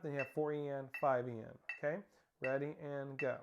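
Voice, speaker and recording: A man's voice: mid-range voice, level tone, fairly quick, lo-fi sound, very noisy. A man teaching a snare drum lesson, counting beats aloud and calling out stickings and start cues. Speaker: percussion instructor. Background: snare drumming.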